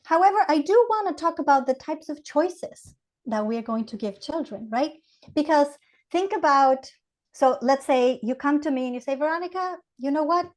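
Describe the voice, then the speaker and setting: A high-pitched woman with an Ecuadorian Spanish accent, speaking as a guest educator. She explains things animatedly and acts out little scenes to make her point. Her talk is conversational and lively. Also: moderate pace. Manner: animated, explains with acted examples. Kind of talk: conversational podcast interview.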